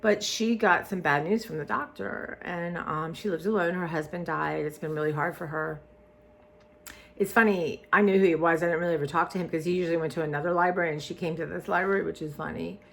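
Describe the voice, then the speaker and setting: A woman's voice: on the low side, fairly even intonation, fairly quick, creaky, fairly bright tone. A woman, vlogging in a rambling casual chat that trails off and restarts often.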